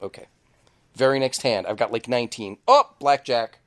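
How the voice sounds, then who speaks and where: A man co-hosting a casual podcast in a studio, telling animated stories and swearing freely. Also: mid-range voice, normal speed. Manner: animated storyteller, swears, shouts quoted lines. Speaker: podcast co-host. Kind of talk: casual chat, storytelling.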